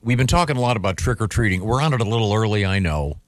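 A man's voice: lowish voice, lively intonation, racing, no echo. A middle-aged man hosting a radio show, talking in a rambling, laid-back way. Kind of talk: casual radio talk.

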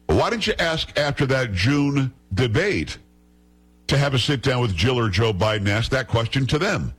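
A male host delivers indignant commentary, firing off sarcastic rhetorical questions. His voice is husky at a middle pitch, with a rough edge throughout. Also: very animated, normal speed, fairly bright tone. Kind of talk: political commentary.

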